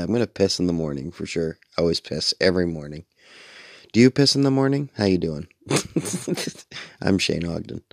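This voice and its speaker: A sleepy middle-aged man rambles through a late-night radio monologue in a very low, gravelly voice. He sounds worn out and meanders from thought to thought, swearing casually. The sound is dry and close, with no room around it. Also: dry recording. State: sleepy, yawning. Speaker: radio show host.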